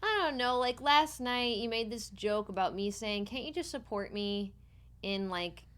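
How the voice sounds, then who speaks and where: A young pregnant woman chatting casually on a stream, animated and laughing often as she tells a story. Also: on the high side, measured pace, clear, resonant tone. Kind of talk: casual chat.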